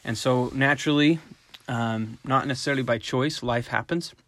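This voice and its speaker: A middle-aged man, a dog trainer, giving a relaxed, conversational talk on raising puppies and sometimes acting out short voiced examples. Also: mid-range voice, normal speed. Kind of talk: casual instructional talk.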